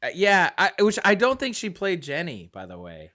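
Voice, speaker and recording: A man co-hosting a casual movie chat, animated and joking, acting out lines from scenes. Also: high-pitched, normal speed. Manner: animated, acts out quotes in funny voices. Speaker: podcast co-host.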